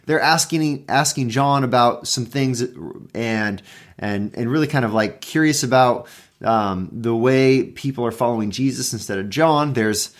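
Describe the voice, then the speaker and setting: A man's voice: mid-range voice, measured pace. A man who is a pastor, giving a conversational devotional Bible talk and often restarting and rephrasing his points with emphasis.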